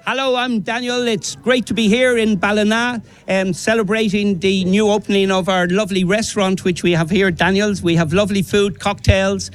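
Guy from ireland plugging his restaurant at a stand outside, big strong voice, quite high. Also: steady tone, normal speed, few pauses, poor audio. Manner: strong, powerful voice, upbeat. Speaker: restaurant owner. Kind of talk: promotional chat. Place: outdoors at a stand.

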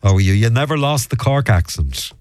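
A man's voice: medium pitch, big pitch swings, fairly quick, a little mellow, no room sound. A man hosting a local radio show, chatting easily and reading out listener texts. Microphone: studio mic.

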